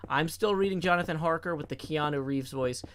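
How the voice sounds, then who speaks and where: A man streaming a game and chatting casually, rambling with playful deadpan jokes. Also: fairly high pitch, brisk, a little hiss or hum. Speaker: streamer and co-host. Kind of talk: casual chat while gaming.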